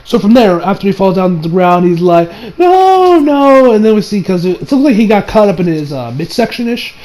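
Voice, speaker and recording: A man giving a casual recap and review of an anime episode, animated and exasperated, laughing and swearing as he talks. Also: sits high, quick pace, rough recording.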